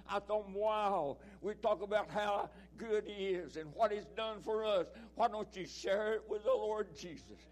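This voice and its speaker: Male preacher, high voice, emphatic delivery that swings loud and soft. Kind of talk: sermon.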